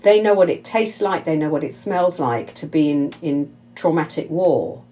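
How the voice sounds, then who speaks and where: A woman's voice: sits low, lively intonation, moderate pace, mellow. A woman interviewing a guest in conversation, emphatic and effusive.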